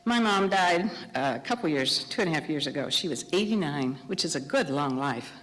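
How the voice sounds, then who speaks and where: A middle-aged woman preaching a sermon, telling a story with animated, acted-out dialogue. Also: low voice, brisk. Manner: animated storytelling, acting out dialogue in raised voices. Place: church sanctuary. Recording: long hall reverb.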